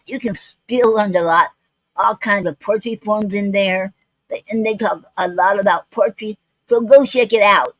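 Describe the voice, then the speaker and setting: A woman hosting a poetry livestream, talking in a halting way with many restarts, spelling out words letter by letter, some words not coming out clearly. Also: mid-range voice, no echo, rough recording. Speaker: poetry show host. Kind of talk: casual livestream talk. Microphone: home livestream mic.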